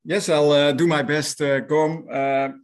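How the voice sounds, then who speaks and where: A middle-aged man with a Dutch accent, answering interview questions as a company director, explaining technical matters haltingly with many fillers. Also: on the high side, fairly even intonation. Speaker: guest, managing director of a remediation firm.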